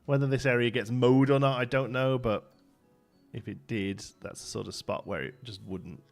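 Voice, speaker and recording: A man's voice: mid-range voice, steady tone, normal speed, creaky, soft background music. A young man chatting casually and rambling as he plays and builds on a live stream, laughing often and answering chat.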